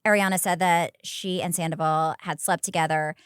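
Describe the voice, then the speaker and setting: A woman co-hosting a podcast in casual chat, talking in an animated, chatty way with lots of filler words. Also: on the low side, moderate pace, smooth, dry recording, clean studio sound. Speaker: podcast co-host.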